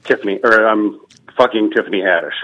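A young man, a comedian, telling stories in a deadpan, self-deprecating way in a casual podcast chat. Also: on the low side, fairly quick. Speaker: comedian guest. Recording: dull lo-fi sound.

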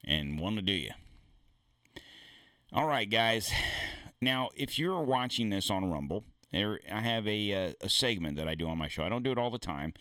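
A man's voice: on the low side, animated, normal speed, pushed and bright, clean tone, no room sound. A man hosting his own show, ranting in a rambling, blunt and profane way with many false starts. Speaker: podcast host. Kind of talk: casual ranting monologue.

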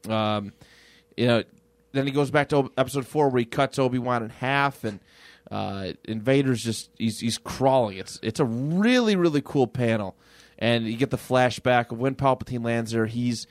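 A man's voice: mid-range voice, no echo. A man co-hosting a podcast, retelling a comic plot in casual chat, with lots of stammered restarts. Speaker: podcast co-host.

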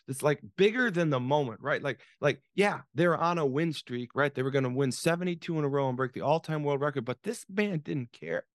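A man in his sixties, an author and business coach, guests on a podcast as a dramatic storyteller. His gravelly voice sits at a fairly high pitch, recorded on a dry close mic with no room sound, and he restarts and repeats himself often.

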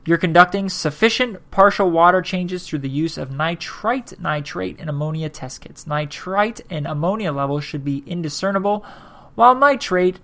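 A man's voice: high voice, animated, normal speed, pushed and bright. A man hosting a casual podcast, reading articles aloud and breaking off for rambling, sarcastic asides. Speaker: podcast host.

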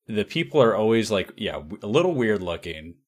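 A man's voice: lowish voice, very animated, a little fast. A man hosting a podcast in casual chat, opinionated and rambling, with laughing asides. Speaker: podcast host.

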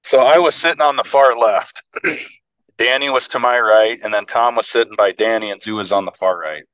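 Man, low voice, muffled dry lo-fi sound, halting storyteller. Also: a bit bright, smooth, dry recording. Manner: halting, restarting often. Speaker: hunting buddy. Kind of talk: casual storytelling chat. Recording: muffled lo-fi recording.

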